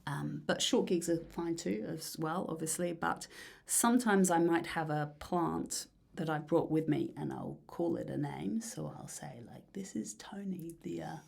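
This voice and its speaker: A woman musician talking casually in an interview, rambling and dreamy with many fillers and soft breathy asides. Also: sits low, unhurried. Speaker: musician guest.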